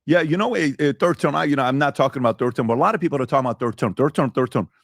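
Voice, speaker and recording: A man hosting a debate show, animated and mimicking others as he argues a point. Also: medium pitch, rapid-fire, no room sound, clean studio sound. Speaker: podcast host.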